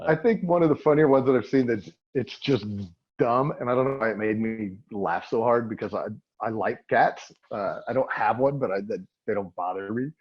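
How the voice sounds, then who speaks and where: A man's voice: mid-range voice, normal speed, lo-fi sound. A man, a comedian guest, chatting casually and self-deprecatingly in an interview, often trailing off and restarting.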